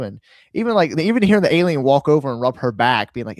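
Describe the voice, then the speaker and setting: A mid-pitched man muses out loud on a podcast, joking and wandering through his thoughts with many fillers. The sound is dry and close, with no room echo. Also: very animated, quick pace. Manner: rambling, jokey musing with many "like"s. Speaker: podcast co-host. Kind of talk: casual chat.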